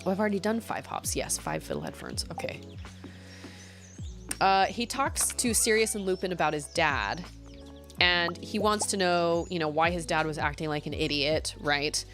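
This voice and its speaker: A young adult woman streamer chats casually as she plays a game, thinking aloud and laughing easily. Her voice sits on the low side with lively intonation at normal speed, heard over music.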